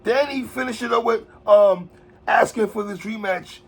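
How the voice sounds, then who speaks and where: A man hosting a casual battle rap recap, slangy and animated, getting excited over lines he likes. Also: sits high, normal speed, creaky, breathy edge. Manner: animated, slangy, excited outbursts about bars.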